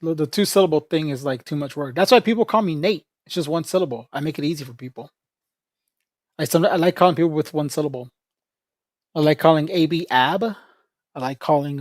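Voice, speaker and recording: A man's voice: on the high side, a little mellow, no echo, studio quality. A man livestreaming in a casual, rambling chat, joking with viewers, laughing often and calling people "bro".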